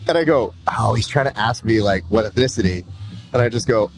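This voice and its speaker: A man from Southern California interviewing a fighter in casual, joking banter, telling animated stories. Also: medium pitch, fast talker, faint music behind.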